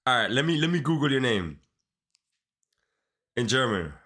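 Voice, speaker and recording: A man with a Caribbean accent hosts a live stream and talks in a relaxed, slangy way. He speaks straight to the viewers at a middle pitch, even while he works through code. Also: moderate pace. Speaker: livestreamer. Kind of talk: casual livestream chat while coding.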